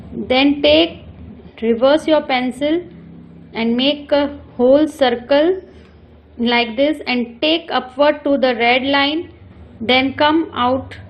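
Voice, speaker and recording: A woman teaching children cursive handwriting, giving slow step-by-step instructions and repeating each stroke. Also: sits high, muffled recording. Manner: switches between English and Hindi.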